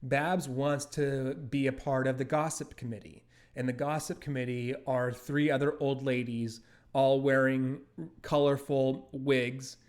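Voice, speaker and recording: Man chatting loosely as an interview guest. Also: medium pitch. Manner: rambling, with many fillers and restarts. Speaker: creator of an animated series, interview guest. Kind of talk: casual interview talk.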